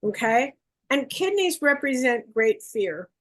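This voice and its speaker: A woman giving a psychic gallery reading over a video call, coaxing and relaying messages in quick bursts. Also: sits high, big pitch swings. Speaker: psychic medium. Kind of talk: live online gallery reading.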